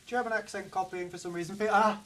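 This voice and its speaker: Far from the mic, a man from Yorkshire England talks fast in a high, slightly bright voice with fairly even intonation. He plays a game live, rambling casually to viewers in his mild Yorkshire accent and answering chat between plays.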